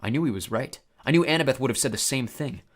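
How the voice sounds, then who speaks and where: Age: adult. Sex: man. Style: expressive storybook narration, pitch that moves a lot, middle register. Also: fast talker. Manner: expressive first-person reading.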